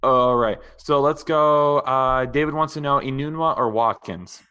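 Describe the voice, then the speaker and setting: A young man with an ordinary mid-pitched voice co-hosts a fantasy football live stream. He jokes easily with his partner and reads viewer questions aloud in a casual, unhurried way. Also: bright, forceful tone, clean tone.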